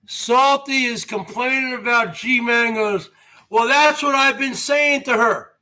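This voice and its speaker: Guy with a real high bright voice doing his live stream, talks slow, brags like a wrestling promo. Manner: boastful wrestling-promo bravado, rhetorical questions. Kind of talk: rambling live-stream chat.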